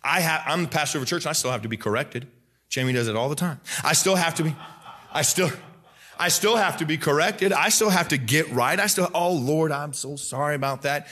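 A man in his thirties, a pastor preaching a lively sermon who acts out people's voices and raises his voice to a shout for emphasis. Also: a little high, brisk, breathy edge.

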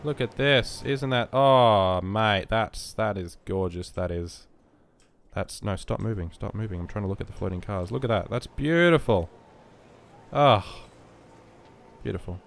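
A sick young man rambling and joking through casual gameplay commentary, sometimes yelling at the game. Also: fairly low pitch, a little slow, vocal fry. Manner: rambling and joking, with sudden loud outbursts at the game. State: sick with a virus. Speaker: gaming YouTuber.

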